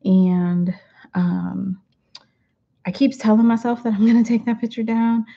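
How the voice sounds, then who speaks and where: A woman's voice: a little high, level tone, unhurried, creaky. A middle-aged woman hosting a weekly affirmation talk, chatting casually to the camera from her home with many fillers. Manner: warm-hearted, chatty, many fillers, laughs easily. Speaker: host of a weekly affirmation show. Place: home room. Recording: dull lo-fi recording.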